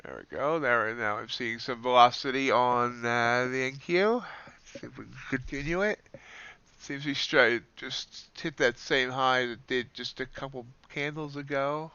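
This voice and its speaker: A man streams his trading session, murmuring a loose running commentary with the odd dry joke. His voice is bright and clean, and the recording is dry and close with a touch of lo-fi dullness. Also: medium pitch, moderate pace, smooth, dry recording. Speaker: live-streaming futures trader. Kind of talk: thinking aloud while trading.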